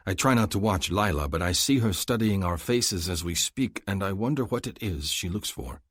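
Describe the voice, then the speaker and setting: Deep husky guy reading an audiobook, first person, brooding, dry close mic. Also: animated, normal speed, dry recording. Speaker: audiobook narrator.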